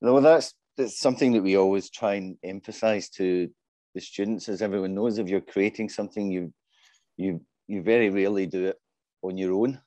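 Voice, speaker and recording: Low, mellow-voiced man on a panel. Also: normal speed, no echo. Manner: modest, self-deprecating. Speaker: panelist, business development lead. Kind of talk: casual panel talk.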